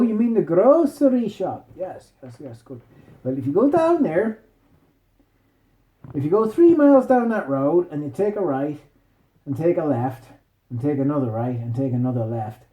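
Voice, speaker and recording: A man's voice: mid-range voice, warm tone, roomy sound, lightly acted. A man voicing a boastful, rambling friendly man in a made-up bedtime story. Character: boastful friendly Irish man, rugby fan.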